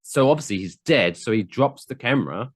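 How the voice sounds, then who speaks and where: A man co-hosting a podcast, telling stories animatedly and tossing in quick jokes. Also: medium pitch, no echo, clean studio sound. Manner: animated storyteller, quick quips. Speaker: podcast co-host. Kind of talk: casual banter.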